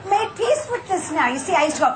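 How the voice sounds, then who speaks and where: A woman's voice: extremely high pitch, expressive, fast, echoey room, heavy background noise. A woman speaker giving a humorous keynote talk, acting out the voices of the people she describes. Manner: comic, acts out quoted voices.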